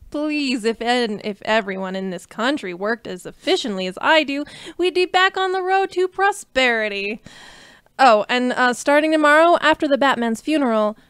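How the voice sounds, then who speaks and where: A woman's voice: high voice, expressive, moderate pace, a bit bright, clean tone, dry recording. A woman reading the part of a smug, taunting male Joker villain in a live script read. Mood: mocking.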